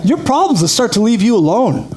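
A man preaching a lively sermon, energetic and quick to laugh, calling out praise to his congregation. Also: extremely high pitch, a crowd in the background. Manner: energetic, laughs often, calls out "praise God". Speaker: pastor.

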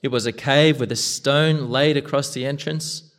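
A man reads scripture aloud at an ordinary middle pitch. His delivery is steady and measured, unhurried from line to line. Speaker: scripture reader. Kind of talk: scripture reading.

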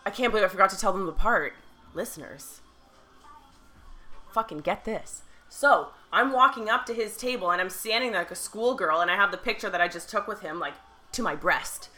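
A woman co-hosting a podcast, telling a story in a casual, animated and profane way. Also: medium pitch, quick pace, faint music behind. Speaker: podcast co-host. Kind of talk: casual chat.

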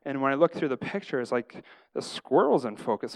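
A middle-aged male pastor delivers a casual sermon in a mid-range voice, talking a little fast. He's an animated storyteller who acts out his own prayers and often ends lines with "right?".

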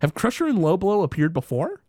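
A man chatting casually on a podcast, retelling a cartoon episode with lots of fillers and quick quoted bits. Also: sits high, wildly swooping pitch, dark tone, no echo, studio quality. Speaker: podcast host.

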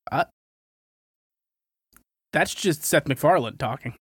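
A man's voice: fairly high pitch, expressive, takes it slowly, slightly rough, no room sound. A man co-hosting a casual gaming podcast, with a dry, teasing manner. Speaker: podcast co-host.

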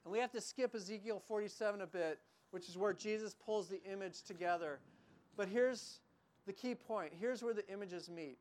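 Male pastor, expressive sermon delivery, dramatic scripture reading, chatty asides. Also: high voice. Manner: expressive preaching, reads scripture slowly with emphasis, quick asides.

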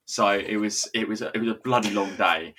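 A man's voice: lowish voice, moderate pace, sharp tone, slight background noise. A young man co-hosting a casual podcast chat, rambling and chuckling as he tells stories, with frequent restarts. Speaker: podcast co-host.

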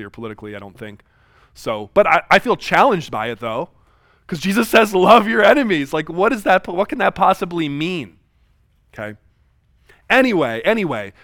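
A man in his thirties giving a classroom lecture, reading scripture aloud and acting out quoted dialogue with lively swings in voice. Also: on the high side, dry recording, studio quality. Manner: animated, acts out quoted dialogue.

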